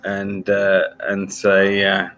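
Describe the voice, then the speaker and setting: A man's voice: low voice, monotone, slow pace, over loud music. A man playing a tabletop game, declaring actions and speaking in character. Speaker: player.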